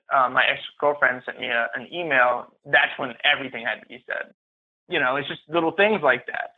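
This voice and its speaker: A man telling his own story as a podcast guest, speaking haltingly and often repeating or restarting phrases. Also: medium pitch. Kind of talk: personal story in interview. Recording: tinny phone-like line.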